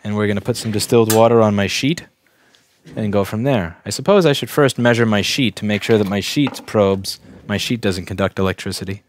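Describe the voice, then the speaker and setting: Briskly, in a voice on the low side with a little hiss or hum, a young repair technician from Staten Island, New York, livestreams a bench test. He talks casually and bluntly, thinking out loud and often restarting what he says.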